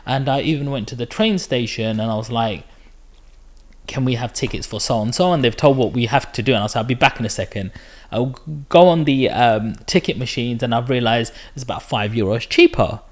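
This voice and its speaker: A man's voice: medium pitch, brisk. A man hosting a podcast, telling a story in a casual way and acting out the quotes. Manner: animated storyteller, acts out quotes. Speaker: podcast host. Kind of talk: casual interview chat.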